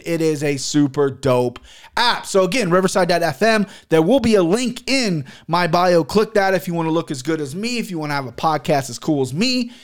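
A man's voice: a little high, smooth. A man hosting his own podcast, talking loosely and jokingly with frequent profanity, mixing stories, ad reads and betting picks. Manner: loose, profane, jokey storytelling. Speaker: podcast host and sports betting picker. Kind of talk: casual solo podcast chat.

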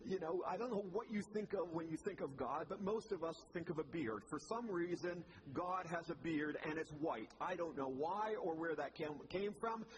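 A man's voice: on the high side, noisy background. A male pastor giving a sermon in a church, with a conversational manner and wry asides.

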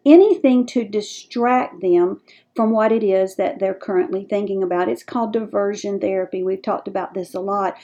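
A woman's voice: mid-range voice, dark tone. A middle-aged woman with a Southern US accent gives folksy, direct advice to caregivers as a dementia care educator.

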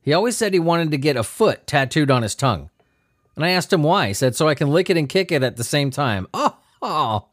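A man's voice: fairly high pitch, dry recording, studio quality. A man hosting a comedy news podcast, riffing on odd stories in a sarcastic, profane way. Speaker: podcast host.

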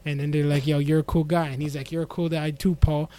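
A man's voice: fairly high pitch, little pitch movement, dark tone. Rambling man retelling an anime. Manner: rambling retelling with quick voiced quotes. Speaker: podcast co-host. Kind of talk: casual anime recap chat.

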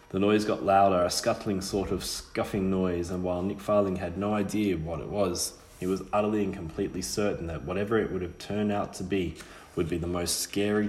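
A man reading a novel aloud in a measured, steady way, with small slips. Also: low voice, reverberant. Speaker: narrator. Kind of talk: audiobook reading.

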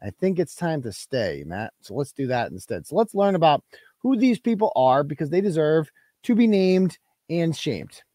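A man's voice: a little high, very animated, normal speed, dark tone, no room sound, studio quality. A man hosting a live web show, ranting in a brash, profane and combative way and reading out viewer donations. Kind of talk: casual livestream rant.

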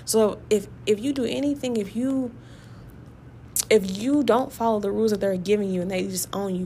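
A woman giving a casual, excitable Bible study talk, emphatic and conversational, who piles up rhetorical questions. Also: medium pitch, brisk, slight background noise. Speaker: Bible teacher.

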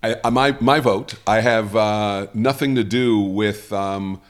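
A man co-hosting a comedic podcast, blunt and opinionated, often stumbling over his words. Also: on the low side. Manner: blunt, opinionated, halting with fillers. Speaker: podcast co-host. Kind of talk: comedic casual podcast chat.

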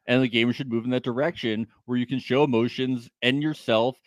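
A man's voice: medium pitch, steady tone, a little fast, dry recording. A man co-hosting a casual sports podcast, blunt and mocking, swearing often. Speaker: podcast co-host.

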